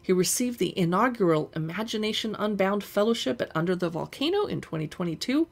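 A woman's voice: medium pitch, expressive, brisk, creaky. A woman hosting a livestream, chatting enthusiastically about books and reading a novel aloud. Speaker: book channel host.

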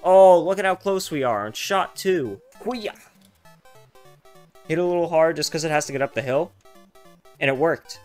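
A young man giving casual, profane gameplay commentary, swinging from loud excited outbursts to low muttering. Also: moderate pace, pauses often, faint music behind. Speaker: gaming streamer.

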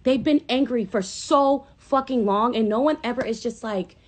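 A woman's voice: on the high side, moderate pace. A woman chatting casually on a phone livestream, rambling and swearing freely and flaring into impassioned outbursts. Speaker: livestream host.

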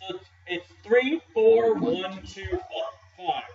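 A man's voice: sits high, takes it slowly, gravelly. A man co-hosting a let's play, chiming in with short, teasing replies. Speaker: co-host. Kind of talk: casual gameplay chat. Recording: roomy, distant, dull mic with game music.

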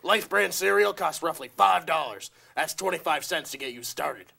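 A man plays a tough-talking cop in a comedy sketch, punchy and hard-boiled. His high voice is bright and gravelly. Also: expressive, moderate pace, exaggerated voice. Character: tough-talking male police detective.

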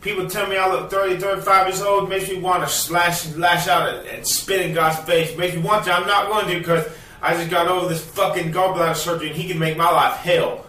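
Man, profane ranting vlog, bitter, shouty outbursts, echoey room, distant from mic. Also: sits high, little pitch movement, brisk. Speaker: vlogger. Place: cluttered home, indoors.

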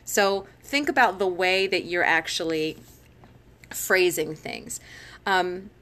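Woman, middle-aged, bright and chatty host, live-stream advice talk, easy laughs. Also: fairly low pitch, takes it slowly. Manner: conversational, frequent laughs and fillers. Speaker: teacher and education blogger. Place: home, live phone broadcast.

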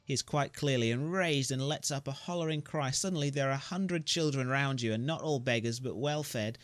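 A man's voice: mid-range voice, normal speed, no echo. Man narrating his story-game playthrough, joking asides, mid voice, dry close sound. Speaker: gamer. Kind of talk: reading a story game aloud.

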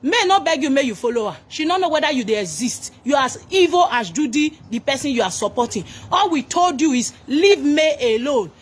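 High-pitched and animated, this Nigerian woman talks fairly quickly with few pauses. As a commentator, she furiously scolds and ridicules a celebrity, switching between English and pidgin.

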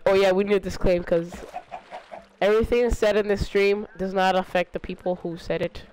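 A young man live-streaming a game with his friends, excitable and teasing, often laughing and breaking into sudden high yelps. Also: moderate pace, slight background noise. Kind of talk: casual live-stream gaming banter.

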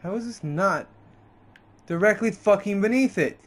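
A man with a fairly high voice giving running commentary over a video game. He grumbles and curses constantly and his pitch leaps up whenever he gets fed up. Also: expressive, normal speed. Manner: frustrated, heavy swearing, pitch jumps up in outbursts. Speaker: gamer playing a video game. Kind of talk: let's play commentary.

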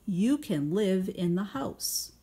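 A woman voicing a gruff, bossy farmer from a children's storybook, who bellows orders and coaxes by turns. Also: mid-range voice, expressive, slow, warm tone, heavily acted. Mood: pleading. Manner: bellowing orders, then coaxing.

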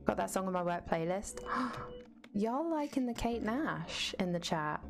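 A woman's voice: medium pitch, animated, a little slow, gravelly, music in the background. A woman streaming a game, chatting casually, answering chat and swearing freely. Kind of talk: casual live-stream chat while gaming.

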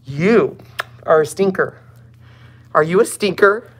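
A woman's voice: on the low side, slow pace, a little hiss or hum. A woman vlogger in casual chat, cooing in baby talk at puppies.

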